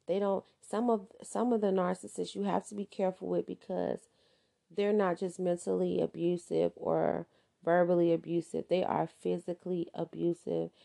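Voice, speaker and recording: A woman's voice: lowish voice, creaky, mellow. A woman giving a casual advice monologue, emphatic and repeating her points for stress.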